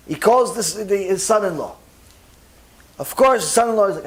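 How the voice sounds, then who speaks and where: Animated man telling a Torah story. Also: sits high, normal speed, long pauses. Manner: animated storyteller who acts out dialogue. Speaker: rabbi.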